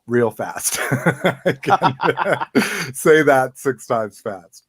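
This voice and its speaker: Slow-talking, laid-back podcast host. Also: male voice, medium pitch, expressive, fairly bright tone, slightly rough, no echo. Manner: laid-back, laughs often, asks questions. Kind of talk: casual podcast chat.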